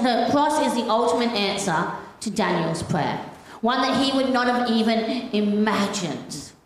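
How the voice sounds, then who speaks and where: A young woman delivers a sermon in an earnest, personal way, weaving in stories from her own life. Her voice sits at a middle pitch. The recording is very echoey, as if made in a large hard room. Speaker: preacher.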